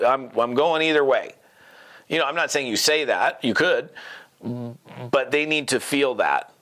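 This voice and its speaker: A man hosting a solo podcast, talking animatedly and acting out hyped-up phone calls. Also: mid-range voice. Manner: animated, acts out phone calls with sudden bursts of hype. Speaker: podcast host and network marketing trainer. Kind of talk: energetic solo podcast talk.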